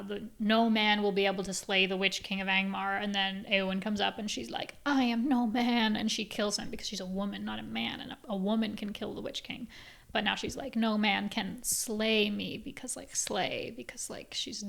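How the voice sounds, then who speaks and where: A young woman from Canada hosting a casual solo podcast, animated and sarcastic, swearing freely as she rants. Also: medium pitch, vocal fry. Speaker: podcast host.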